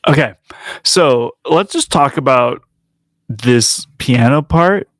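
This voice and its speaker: A man giving a casual live music lesson, chatty and self-amused, counting rhythms out loud as he works through a transcription. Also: medium pitch, animated, slow, dry recording. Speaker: music teacher transcribing a piano piece for bass.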